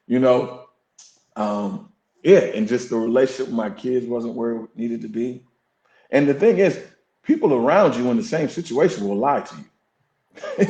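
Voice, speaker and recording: Speaking at a moderate pace in a dark, mid-range voice, the fire captain and coach reflects openly as an interview guest on a podcast. There's an earnest, preacher-like emphasis to what he says, and the room echoes noticeably.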